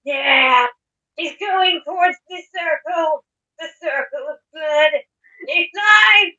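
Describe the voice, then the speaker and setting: A woman's voice: sits high, slow pace, sharp tone, distant mic, exaggerated voice. A woman voicing an eerie dragon-worshipping cult member in a Minecraft roleplay, chanting and ominous. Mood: frenzied. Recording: dull lo-fi mic.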